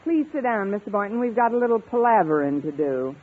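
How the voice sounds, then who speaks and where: An actress playing a quick-witted, wisecracking woman English teacher in a 1950s radio comedy. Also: medium pitch, animated, background noise, lightly acted. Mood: playful. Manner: wisecracking, playful. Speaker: schoolteacher. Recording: tinny old radio broadcast with studio audience laughter.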